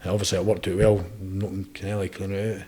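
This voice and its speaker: Fast-talking Scottish man telling stories. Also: low-pitched, flat delivery, warm tone. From Scotland. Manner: rapid, rambling storytelling with frequent "eh?" tags. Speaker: podcast guest, bare knuckle boxer. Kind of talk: casual interview chat.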